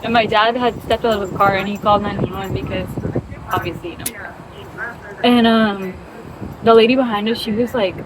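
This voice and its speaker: A woman's voice: medium pitch, steady tone, moderate pace, pauses often, crowd noise, rough recording. A young woman telling a casual story in a chatty, rambling way, full of fillers.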